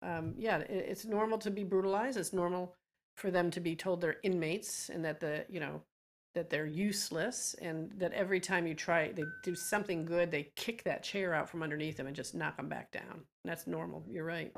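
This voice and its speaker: A middle-aged woman speaks as an interview guest. Her voice sits on the low side and she talks with earnest passion. She tells heavy personal stories, and her feeling comes through in the telling. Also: steady tone, moderate pace, slight background noise. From Georgia, US. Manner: earnest, impassioned storytelling. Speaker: advocacy group founder, guest. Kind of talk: emotional interview talk.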